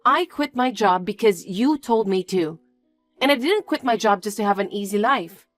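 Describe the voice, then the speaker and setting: A woman's voice: mid-range voice, expressive, moderate pace, no room sound, faint music behind, lightly acted. A woman voicing an earnest, anxious young fiancée who pleads and questions in disbelief. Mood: pleading. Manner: pleading and incredulous.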